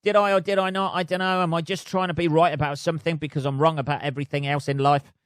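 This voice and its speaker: A man's voice: fairly high pitch, little pitch movement, quick pace, clean tone, dry recording, studio quality. A man hosting a podcast alone, rambling in a sweary, self-mocking way. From United Kingdom. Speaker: podcast host. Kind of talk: casual solo rant. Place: flat.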